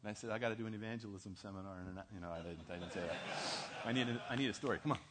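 A man's voice: lowish voice, racing, heavy background noise. A man preaching a church sermon, telling a story, acting out dialogue and asking the audience questions. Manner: animated, asks the audience questions, acts out dialogue. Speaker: pastor.

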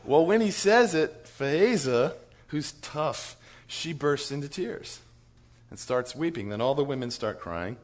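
Animated man telling a church story. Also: a little high, measured pace. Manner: animated storyteller, chuckles through his story. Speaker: church staff speaker. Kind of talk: storytelling talk to church leaders.

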